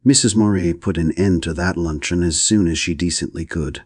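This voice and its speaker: A man narrating an audiobook of a novel in a steady, even reading. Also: low voice, normal speed, hardly any pauses, husky, no room sound, clean studio sound. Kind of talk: scripted narration.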